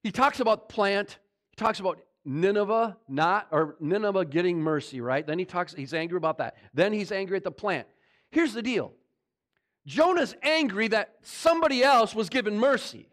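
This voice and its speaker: A man's voice: high-pitched, lively intonation, normal speed, fairly bright tone. A man preaching a sermon in a conversational way, often asking the congregation questions. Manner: dramatizes voices of God and Jonah in quotes. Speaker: pastor.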